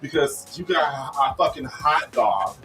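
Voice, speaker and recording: A man co-hosting a casual radio chat show, talking bluntly and profanely and telling stories in an animated way. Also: on the high side, normal speed. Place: radio studio. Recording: distant mic with music behind.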